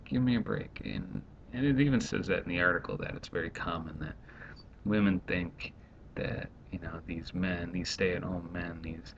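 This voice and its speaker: Gravelly low-voiced man venting on a vlog. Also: expressive. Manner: rambling, exasperated, quickly acts out others. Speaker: stay-at-home dad vlogger. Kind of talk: casual vlog monologue. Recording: dull lo-fi home recording, faint rumble.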